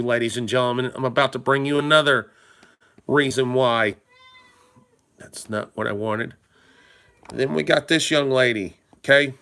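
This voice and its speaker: A man's voice: medium pitch, bright, forceful tone. A man giving casual, rambling commentary to his viewers, emphatic and full of rhetorical questions he puts straight to the audience. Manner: addresses viewers directly and informally. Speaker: political commentary vlogger. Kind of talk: casual talking-head commentary.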